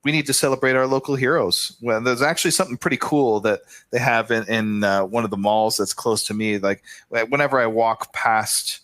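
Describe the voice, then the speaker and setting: A man co-hosting a podcast, talking in a relaxed, musing way and agreeing with his partner. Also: medium pitch, a little fast, hardly any pauses, no echo. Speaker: podcast co-host. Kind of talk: casual podcast talk.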